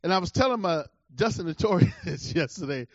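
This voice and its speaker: A middle-aged man preaching a sermon and telling a personal story, emphatic, swinging between loud bursts and low asides. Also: expressive, brisk, dry recording. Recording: dull lo-fi recording.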